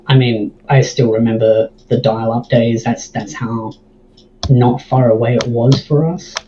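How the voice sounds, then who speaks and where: A man with a mild Australian accent, a guest in a casual stream chat, relaxed and dryly joking. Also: mid-range voice, measured pace, a little hiss or hum. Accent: Australian, toned down. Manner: laid-back, dry joking. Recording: slightly dull lo-fi mic.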